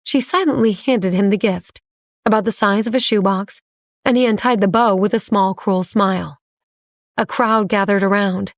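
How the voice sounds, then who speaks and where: A woman reading a romance audiobook in measured, even storytelling on a close mic. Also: medium pitch, dry recording. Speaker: narrator. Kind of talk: scripted audiobook narration.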